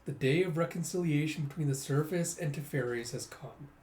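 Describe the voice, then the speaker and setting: A man doing a calm, scheming male leader. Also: on the high side, brisk, close to an everyday voice. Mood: measured. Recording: roomy echo.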